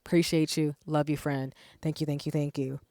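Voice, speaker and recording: A woman's voice: low-pitched, little pitch movement, normal speed, no echo, studio quality. A woman hosting a live-streamed panel, thanking people at length with lots of "um"s as she moderates. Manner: warm, effusive thanks, many fillers. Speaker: panel host.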